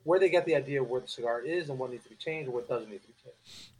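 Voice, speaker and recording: A man's voice: mid-range voice, rapid-fire, a little mellow, husky, low-quality recording. A man telling stories in casual podcast chat, animatedly acting out coworkers' voices. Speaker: cigar company guest.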